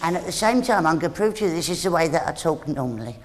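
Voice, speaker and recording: A man in his thirties with a squeaky, high voice, doing cheeky, quick-fire stand-up comedy. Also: lively intonation, a little hiss or hum. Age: 30s. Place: theatre stage. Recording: live stage show with crowd and music. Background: audience laughter and music.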